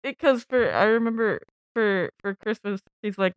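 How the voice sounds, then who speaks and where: A woman's voice: mid-range voice, moderate pace, highs cut off, slight background noise. A woman co-hosting a podcast, telling stories in casual chat and giggling often. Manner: giggly, storytelling, expressive. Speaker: podcast co-host.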